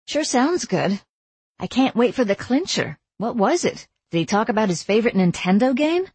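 A woman's voice: a little high, sing-song, moderate pace, a little mellow, husky, no room sound, voice pushed up. A woman voicing a young woman heroine in a storybook, teasing and sarcastic in manner.

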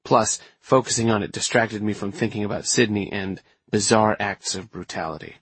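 A man reading a first-person story aloud in a steady, measured way. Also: lowish voice, slightly rough, no room sound. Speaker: audiobook narrator. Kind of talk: first-person scripted narration.

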